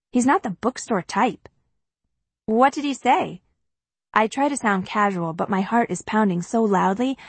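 A woman's voice: medium pitch, breathy edge, no echo. A woman narrating a first-person audiobook in a chatty, confiding way.

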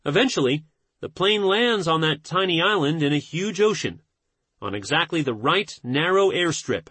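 A man reading a self-help book aloud in a measured, earnest manner. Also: on the high side, lively intonation, sharp tone, breathy edge, dry recording. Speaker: audiobook narrator. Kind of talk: scripted narration.

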